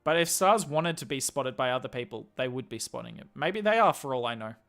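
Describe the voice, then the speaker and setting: Bright-voiced Australian man streaming casually. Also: medium pitch, expressive, a little fast, gravelly, faint music behind. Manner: chatty, answers chat questions, thinks aloud. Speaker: game streamer and commentator. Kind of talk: casual live-stream chat.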